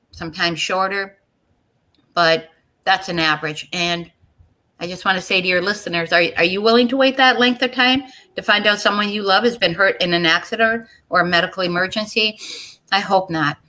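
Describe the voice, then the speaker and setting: This is a middle-aged woman with a bright, lively tone, speaking as a guest over a video call. She is earnest and a little halting, often repeating words before she gets them out. She turns to address the listeners directly. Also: mid-range voice, poor audio. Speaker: interview guest. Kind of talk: emotional personal account in an interview.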